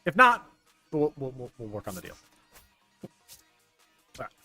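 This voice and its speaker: A young man streaming a baseball management game, chatting casually with his viewers, excitable and stumbling over restarts. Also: mid-range voice, normal speed, vocal fry, husky. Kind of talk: casual gameplay commentary talking to chat. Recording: dry close mic with faint game music.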